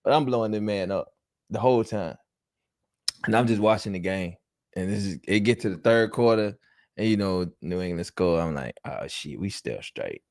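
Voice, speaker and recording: A man telling stories in casual chat, acting out quoted voices loudly. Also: deep voice, moderate pace, no room sound, clean studio sound. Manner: animated storyteller, acts out quoted voices loudly. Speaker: former player telling stories.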